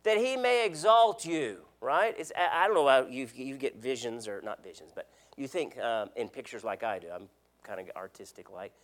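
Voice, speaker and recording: A man's voice: mid-range voice, lively intonation, normal speed. A man preaching a sermon as an elder, earnest, repeating words and asking the congregation questions. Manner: swings between loud emphasis and quiet drops.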